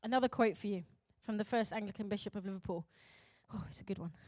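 A young adult woman pastor, preaching emphatically, swinging between loud urgent calls and quiet intense moments. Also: mid-range voice, fast talker, no room sound, clean studio sound. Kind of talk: sermon.

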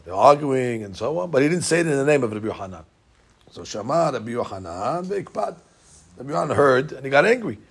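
A man leads a Talmud class at a rapid clip. His voice is husky and a little breathy. He stumbles and repeats words, mixing Hebrew and Aramaic terms into plain English. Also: mid-range voice. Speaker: Talmud teacher.

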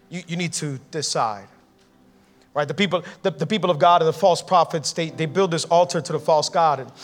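A male pastor preaching a casual, energetic sermon, often repeating words and acting out the quotes he tells. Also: high-pitched. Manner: builds from quiet to shouting intensity.

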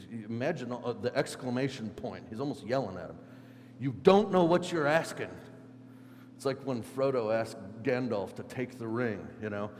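Preacher in an echoey hall. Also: male voice, fairly low pitch. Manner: animated, shifts between loud emphasis and quiet reflection. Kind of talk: sermon. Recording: echoey hall with faint hum.

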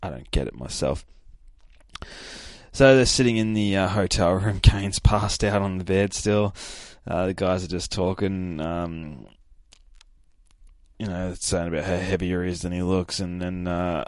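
A man's voice: deep voice, measured pace, no echo, studio quality. A hungover young man hosting a podcast, recapping a comic in a rambling, profane, casual way with lots of fillers. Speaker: podcast host.

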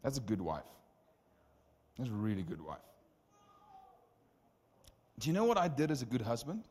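A man preaching as the preacher, telling stories in an animated, conversational way with many asides. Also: mid-range voice, normal speed, husky. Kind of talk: sermon storytelling. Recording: reverberant hall.

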